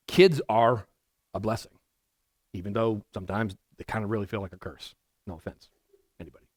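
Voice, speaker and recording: This male pastor, medium-pitched, works through scripture verse by verse in a church sanctuary, talking loosely and wandering into asides and frequent restarts. The sound is studio quality and echo-free.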